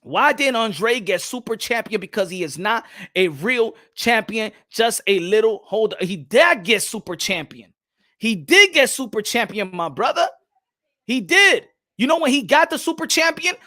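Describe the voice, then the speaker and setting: A young man hosting a boxing talk stream, animated and swearing freely as he reads the chat. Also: high-pitched, normal speed. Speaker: boxing commentator host.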